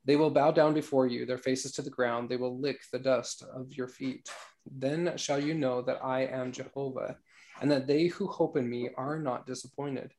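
A man leading an online scripture study group, talking in a relaxed, halting way with fillers and reading passages aloud. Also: medium pitch, slight background noise.

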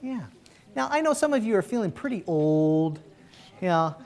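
Lively, animated male pastor preaching. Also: high-pitched, moderate pace. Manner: animated, conversational preaching with call-and-response. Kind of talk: sermon.

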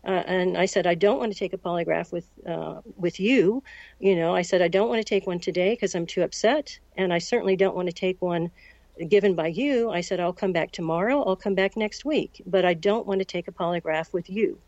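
Woman, 60s, from the United States, measured storyteller, quoted dialogue, dull lo-fi recording. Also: on the low side, darkish tone, no room sound. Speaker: interview guest. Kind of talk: recounting a personal story.

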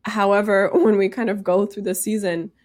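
A woman's voice: mid-range voice, moderate pace. A woman co-hosting a casual podcast chat, recapping a show and acting out what people said. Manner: animated, acts out people's lines. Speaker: podcast co-host.

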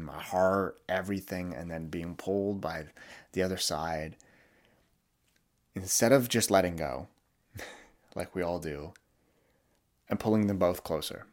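Pausing often, a young man talks through his feelings in a candid, reflective way on his solo podcast, frequently starting over mid-thought. He's low-pitched, with a steady tone and an unhurried pace.

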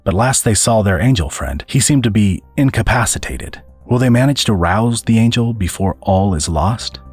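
Deep-voiced man for audiobook narration, husky, lively delivery. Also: normal speed, soft background music. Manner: expressive, dramatic reading. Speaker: podcast host and narrator. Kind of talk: scripted storytelling narration.

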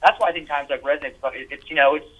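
A man guesting on a podcast, talking in an animated, emphatic way with lots of swearing and quick restarts. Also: a little high, phone-quality sound. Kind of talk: casual podcast conversation.

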